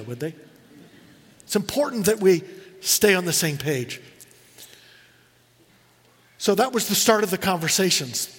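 A middle-aged man preaching a sermon, telling personal stories earnestly and slowing down for emphasis. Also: high voice, fairly bright tone, long reverb tail. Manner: earnest storytelling, slows for emphasis. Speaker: pastor.

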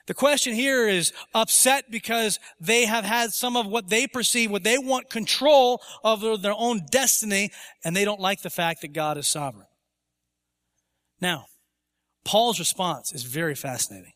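A man preaching a sermon in a church, his voice pitched high and sounding bright and forceful. He is emphatic, at times lifting his voice to act out the objections he answers. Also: normal speed, in a large hall. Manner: emphatic, rising to voice imagined objections. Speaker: pastor. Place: church sanctuary.

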